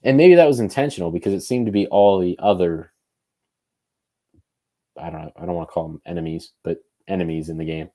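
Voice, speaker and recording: A man's voice: low-pitched, fairly quick, mellow. A man co-hosting a podcast, thinking aloud in loose, casual conversation. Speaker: podcast co-host.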